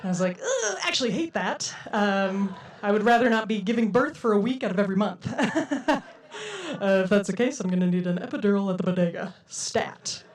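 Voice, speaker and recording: A woman's voice: mid-range voice, brisk, darkish tone, recorded from a distance. A young woman performing a stand-up comedy set for a live audience, with a playful, giggly delivery and frequent laughs.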